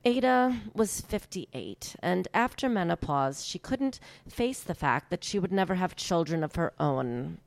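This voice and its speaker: An anxious school head, as an actress plays her in an audio drama, with a gravelly edge and lively pitch. The recording is dry and close, and she talks earnestly and pleadingly. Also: measured pace, hardly any pauses, dry recording. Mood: confessing.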